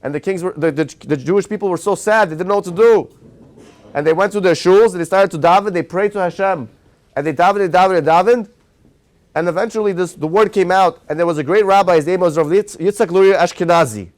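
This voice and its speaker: A rabbi tells a lively story in a Torah class, speaking quickly in a high voice. He stops now and then to put questions to his listeners, then carries on. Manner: animated storyteller who quizzes his audience.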